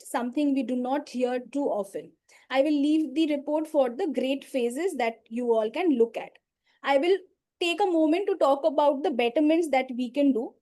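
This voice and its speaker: A woman in the grammarian role giving a measured, instructive report at a speaking club meeting over a video call. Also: high voice, dark tone. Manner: measured, instructive, pauses between items.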